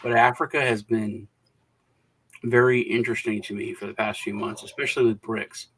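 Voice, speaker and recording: A man's voice: fairly low pitch, level tone, normal speed, fairly bright tone, slight background noise, low-quality recording. A man hosting a podcast panel, chatting casually and rambling, acting out the voices of people he quotes. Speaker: podcast host.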